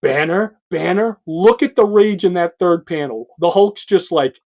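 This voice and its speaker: A male co-host in an excited comic book discussion, emphatic and animated, pointing out panel after panel. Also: high-pitched, normal speed. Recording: dull lo-fi sound.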